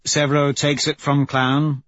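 A man reading a novel aloud as a first-person audiobook narrator, in a steady, measured way. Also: on the high side, dry recording, lo-fi sound.

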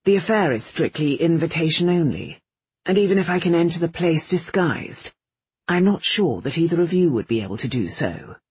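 Casting: woman playing a measured gentleman detective, husky and dry. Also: sits low, sing-song, dry recording, heavily acted. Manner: measured, formal. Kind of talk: audiobook character voice.

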